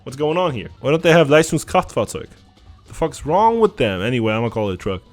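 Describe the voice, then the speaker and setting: A man's voice: mid-range voice, very animated, fast, soft background music. A young German man with a German accent, a streamer ranting through a quiz in sarcastic, profane banter. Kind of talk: casual reaction to an online quiz.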